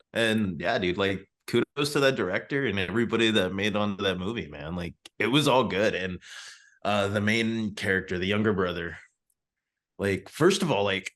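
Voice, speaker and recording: A man's voice: lowish voice, a bit bright. A man co-hosting a casual film review chat, enthusiastic and slangy, calling people "man" and "dude" a lot. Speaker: podcast co-host.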